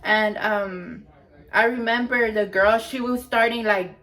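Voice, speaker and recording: A woman's voice: on the high side, steady tone, unhurried, fairly bright tone. Chatty young woman telling a party story. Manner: chatty, heavy filler words, swearing. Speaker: vlogger. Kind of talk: casual storytime.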